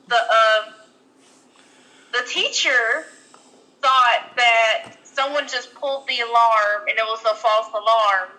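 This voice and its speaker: A woman's voice: fairly high pitch, steady tone, slow, bright, forceful tone, rough recording. A young adult woman co-hosting a podcast, telling a story casually and rambling with lots of "like" fillers and restarts. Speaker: podcast co-host.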